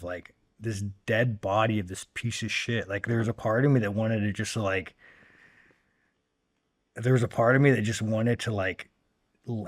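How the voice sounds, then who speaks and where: Blunt, profane man, lowish voice. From United States. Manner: blunt and heavily profane, rambling with fillers. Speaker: podcast guest. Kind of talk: casual long-form interview talk.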